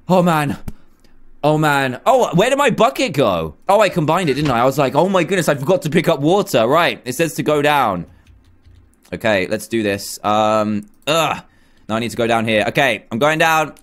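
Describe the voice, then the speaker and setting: Excitable man narrating his gameplay. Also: fairly high pitch, normal speed. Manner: excitable, dramatic running self-talk. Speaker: gaming YouTuber. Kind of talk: Let's Play commentary.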